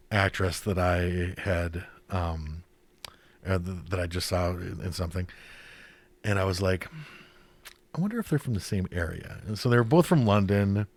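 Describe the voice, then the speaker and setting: A man's voice: low-pitched, dry recording. A man co-hosting a podcast in casual chat, rambling with many fillers and frequent swearing. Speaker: podcast co-host.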